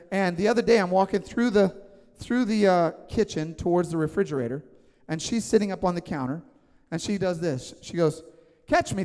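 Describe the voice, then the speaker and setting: A fairly high-voiced male pastor delivers an emphatic, conversational sermon. He regularly checks in with his listeners, and his voice rings with the long reverb of a church hall. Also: darkish tone. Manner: emphatic, conversational, asks the congregation questions. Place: church sanctuary.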